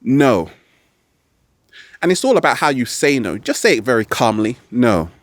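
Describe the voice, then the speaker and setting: A man giving motivational advice as a vlog host, animated and playful, recorded outdoors in nature. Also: medium pitch, quick pace, no echo. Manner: animated, playful, slips into exaggerated quoted voices. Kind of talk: motivational talk to camera.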